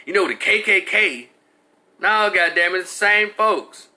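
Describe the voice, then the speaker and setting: A man hosts a live stream, talking straight to his viewers in a loose, ranting way. His voice is bright and sharp and sits a little high. He restarts his sentences often as he talks. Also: a little slow. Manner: animated, ranting, frequent restarts. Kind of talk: casual commentary to live chat.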